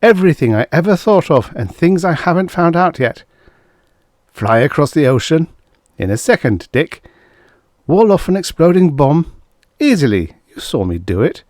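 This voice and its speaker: A man's voice: lowish voice, expressive, a little slow, dry recording, clean studio sound. A man reading aloud, voicing a small, wary man who turns eagerly boastful about a secret power. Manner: rueful, evasive, then eagerly boastful.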